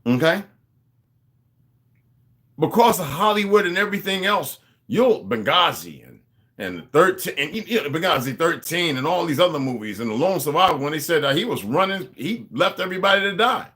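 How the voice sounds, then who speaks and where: A man's voice: on the high side, expressive, normal speed, fairly bright tone, slightly rough. A man talking to his viewers in a rambling, casual monologue, drifting between asides and restarting his sentences. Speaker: vlogger.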